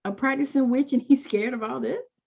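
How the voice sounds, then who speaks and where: A woman's voice: high-pitched, normal speed, vocal fry, a little mellow, husky. A woman hosting an interview, reacting with exclamatory, affirming responses and asking follow-up questions. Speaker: podcast host. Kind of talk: casual interview. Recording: dull lo-fi sound.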